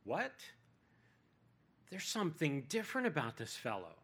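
A man's voice: fairly high pitch, huge pitch swings, measured pace, pushed and bright, slightly rough, full character voice. A man voicing a sarcastic, defensive Samaritan woman at a well, in a sermon retelling. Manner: snarky, defensive.

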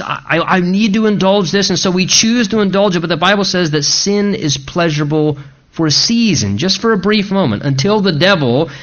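A man's voice: a little high, fairly bright tone, lo-fi sound. A man preaching a sermon in an earnest manner, asking rising, emphatic questions. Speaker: pastor.

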